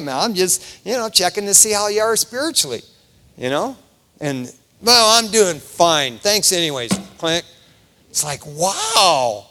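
A middle-aged male pastor preaches in a high, bright voice, slipping into casual street talk and acting out the people he quotes. The sound rings with the long reverb of a church hall. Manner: animated, acts out quoted voices, calls listeners "man". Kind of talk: sermon.

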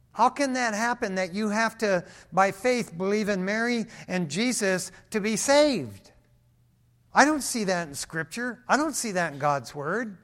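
A man preaching a sermon. His voice is on the higher side, and he mixes casual slang into emphatic delivery. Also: a bit bright. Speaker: pastor.

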